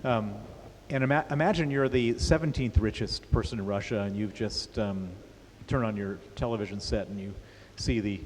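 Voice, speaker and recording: Onstage at a festival, a middle-aged author with a fairly low, slightly mellow voice recounts his story in a plain way, frequently restarting and repeating words. The setting is a large hall full of listeners, captured with reverb and a faint hiss.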